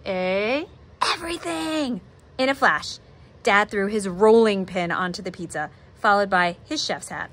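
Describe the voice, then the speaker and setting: A woman art teacher who reads a picture book aloud with expressive, animated storytelling, then gives drawing steps. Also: medium pitch.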